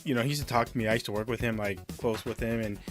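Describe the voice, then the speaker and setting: A man's voice: medium pitch, fairly even intonation, racing, faint music behind. A man co-hosting a film podcast, telling a rambling, profane story with frequent laughter. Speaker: podcast co-host. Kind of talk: casual chat, storytelling.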